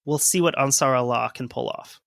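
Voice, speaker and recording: A man co-hosting a history podcast reads old news quotes aloud and tosses in dry jokes between them. His mid-range voice is fairly quick and fairly bright with some vocal fry, and there's no room sound.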